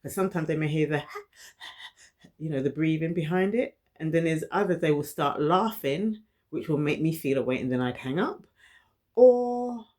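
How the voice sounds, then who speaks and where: A woman's voice: deep voice, a little mellow. A middle-aged woman, telling a personal story to camera, who stutters and repeats words and laughs between thoughts. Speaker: vlogger.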